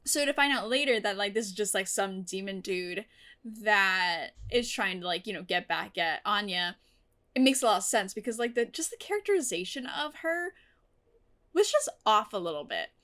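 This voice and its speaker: A woman's voice: mid-range voice, animated, normal speed, sharp tone. A woman reacting to a TV episode in casual commentary, gushing and emotional, swearing freely. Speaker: TV reaction vlogger.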